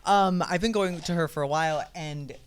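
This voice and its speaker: A trans woman guest in casual podcast chat, telling a story with lively acted-out quotes. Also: low-pitched, moderate pace, clean tone. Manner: animated storyteller, acts out quoted voices.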